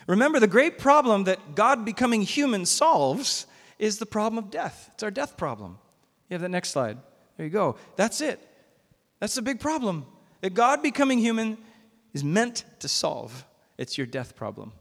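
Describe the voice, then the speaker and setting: A man's voice: high voice, very animated, moderate pace, fairly bright tone. A man preaching a sermon as pastor, conversational and emphatic, recorded in a church sanctuary. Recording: long reverb of a church hall.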